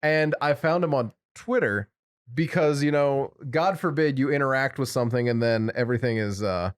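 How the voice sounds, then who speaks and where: A man's voice: medium pitch, normal speed. Wry, rambling man on a podcast. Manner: wry, rambling storyteller with sarcastic asides. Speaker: podcast co-host. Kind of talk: casual podcast chat.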